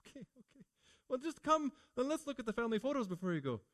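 A clingy old mother pleads in a high, wavering falsetto, as a preacher puts her on. She sounds fretful and near tears, her voice quick and breathy at the top. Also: very animated. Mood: tearful pleading.

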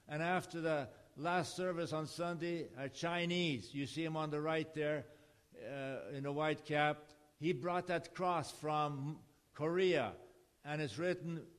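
An older man from Canada, a missionary speaker giving a personal testimony over photo slides and acting out the dialogue as he tells it. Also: fairly high pitch. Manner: plain storytelling with acted-out dialogue.

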